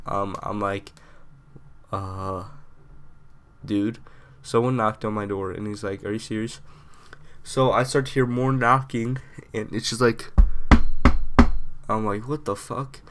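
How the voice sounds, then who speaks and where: Smooth low-voiced young man rambling. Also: a bit bright. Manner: rambling, filler-heavy storytelling. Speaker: vlogger. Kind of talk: casual storytime.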